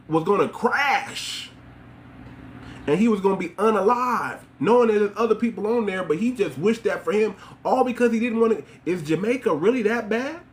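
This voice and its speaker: A man hosts a livestream and lectures his viewers in a mocking, rhetorical way. His voice sits slightly above the usual pitch for a man. A faint noise runs under the recording. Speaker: livestream host. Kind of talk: livestream commentary talking to viewers.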